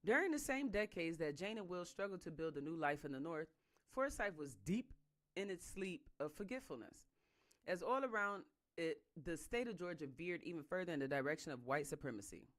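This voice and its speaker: Someone reading a book out loud, steady reading then heated slangy side comments. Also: mid-range voice, brisk. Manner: calm reading that breaks into heated, emphatic asides; casual slangy speech in the asides.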